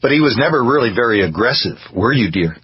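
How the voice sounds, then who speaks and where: A man's voice: mid-range voice, expressive, fast, husky, no room sound, highs cut off. A man doing a falsely sweet, cheerful wife. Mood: sweetly cheerful. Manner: sweetly cheerful, gently pushy.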